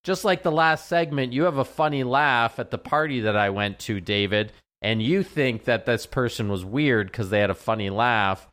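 A man's voice: mid-range voice, normal speed, few pauses, fairly bright tone. A man, a veterinarian, chatting casually on a radio show, rambling and often repeating his words. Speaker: veterinarian guest.

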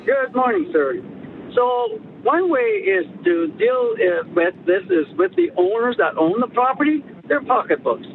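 A man calling in to a radio show by phone, a bylaw officer who talks in a halting, hesitant way. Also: expressive. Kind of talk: phone-in call. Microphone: phone line. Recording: tinny phone line with a faint rumble.

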